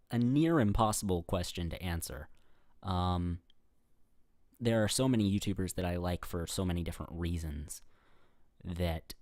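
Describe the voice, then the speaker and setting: A man's voice: sits low, darkish tone, no echo, studio quality. A young man hosting a casual Q&A vlog, rambling with fillers and restarts and laughing at his own remarks. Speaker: YouTuber answering viewer questions. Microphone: webcam setup facing the camera.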